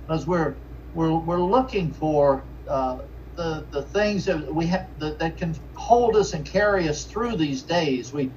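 Pastor guy preaching, kinda high voice, stops and restarts a lot, sounds far off and muffled. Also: expressive, darkish tone. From Richmond, Virginia. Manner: earnest, halting, with many restarts and fillers. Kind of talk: sermon. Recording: distant, dull lo-fi mic with faint noise.

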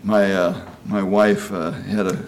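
Speaking low with little pitch movement and a slightly slow pace, a preacher in his sixties gives a folksy sermon. He chats easily, asks "you know?" often, and dramatizes quoted voices, with slight background noise present.

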